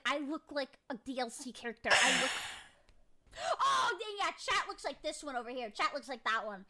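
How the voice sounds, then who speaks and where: A woman streamer telling jokey stories in an animated, dramatic way, heard in a clip. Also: high voice, moderate pace, background noise. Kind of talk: casual storytelling chat.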